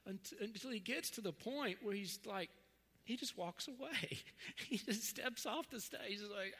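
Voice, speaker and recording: A man's voice: high voice, measured pace. A middle-aged man preaching a sermon, telling stories and acting out the voices in them. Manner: animated storytelling, acts out dialogue. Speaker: pastor. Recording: long hall reverb.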